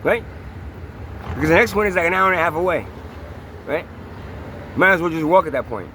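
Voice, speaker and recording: Man, vlog rant: high, bright voice, halting then angry and profane, keeps asking the listener questions. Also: slight background noise. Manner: angry, profane ranting with repeated rhetorical questions; halting with many restarts when calm. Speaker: vlogger. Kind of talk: personal video diary and rant.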